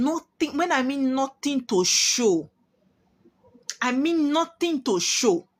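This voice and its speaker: A woman speaks as a spiritualist addressing her followers. Her voice sits high and swoops widely as she drives home warnings in an emphatic, preaching manner. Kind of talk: prophetic monologue to viewers.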